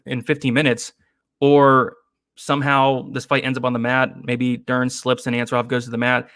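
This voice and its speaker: A man hosting an MMA betting stream in a relaxed, chatty way, giving picks and answering viewer comments. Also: mid-range voice, no echo, studio quality. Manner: relaxed, chatty, with frequent fillers and laughs. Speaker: host of an MMA betting show. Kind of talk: casual live-stream chat reading viewer comments.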